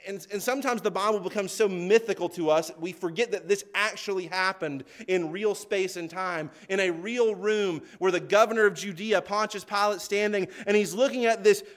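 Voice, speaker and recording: This preacher has a high voice and speaks earnestly and with emphasis. He reads passages of scripture aloud and draws out key words to stress them.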